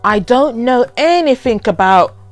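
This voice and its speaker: Woman chatting over soft music. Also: fairly high pitch, unhurried. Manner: animated, laughs often, playfully dramatic. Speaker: vlogger reading overheard quotes. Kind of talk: casual chatty commentary.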